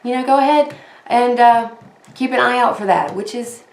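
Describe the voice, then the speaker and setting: A woman's voice: on the high side, moderate pace. A woman chatting casually to camera as host of her crafting channel, rambling and poking fun at herself. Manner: chatty, rambling, self-deprecating. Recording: echoey room.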